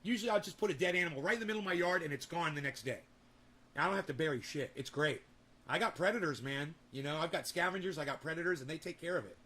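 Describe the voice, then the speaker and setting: A man's voice: a little high, fast talker, pushed and bright, husky. A man telling rambling, profanity-laden stories in a casual home vlog. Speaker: vlogger. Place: home with garden and indoor grow.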